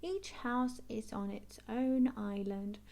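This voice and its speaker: A woman reading a children's picture book aloud, expressive and clear. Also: a little high. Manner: animated, expressive, slow and clear. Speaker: storybook reader. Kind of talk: read-aloud children's storytelling.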